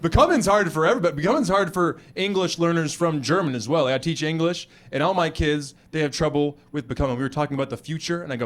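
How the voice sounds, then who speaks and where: An American man performing stand-up comedy, animated and acting out other people's voices. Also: on the high side, fast, hardly any pauses. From United States. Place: comedy club stage before a live audience.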